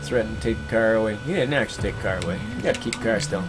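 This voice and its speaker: A man's voice: lowish voice, racing. Laid-back man storyteller over music. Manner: laid-back, chuckling storyteller who slips into voices for quoted friends. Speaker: gaming livestream host. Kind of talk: casual chat, storytelling between reading chat comments.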